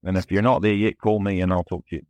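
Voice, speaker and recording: A man from New Zealand with a New Zealand accent, talking candidly and excitedly as a podcast guest, swearing freely and often restarting his sentences. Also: low voice, fast, dry recording. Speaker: podcast guest, music producer. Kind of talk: casual chat.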